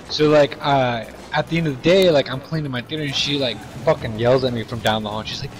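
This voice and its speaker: A man's voice: a little high, very fast, hardly any pauses, soft background music. A young man telling a story in casual chat, rambling with lots of fillers and swearing.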